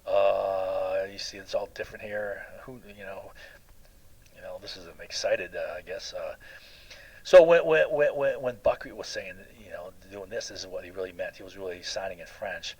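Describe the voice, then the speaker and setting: Middle-aged male lecturer, lowish husky voice, rambling anecdotal classroom delivery. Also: moderate pace, darkish tone, rough recording. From United States. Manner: rambling, anecdotal, lots of fillers and "right?". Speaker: college lecturer.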